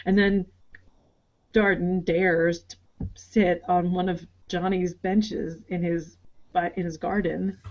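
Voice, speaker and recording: A woman co-hosting a casual show recap over a video call, animated and quick to act out people's lines. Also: lowish voice, muffled recording. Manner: animated, acts out characters' lines in quick asides. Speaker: podcast co-host.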